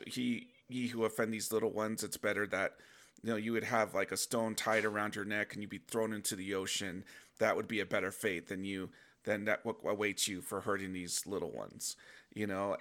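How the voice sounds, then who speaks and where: Host, middle-aged man, low bright voice, earnest and open; personal faith testimony. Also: a little hiss or hum.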